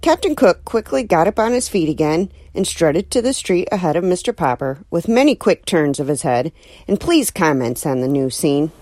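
A woman's voice: fairly low pitch, very animated, moderate pace, darkish tone, dry recording. A woman narrating a children's novel as an audiobook, telling the story expressively.

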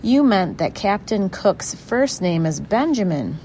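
A woman voicing an officious, muddled phone clerk in a storybook, speaking slowly and precisely. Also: mid-range voice, sing-song, mellow, a little hiss or hum, voice pushed up. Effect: heard over a telephone in the story.

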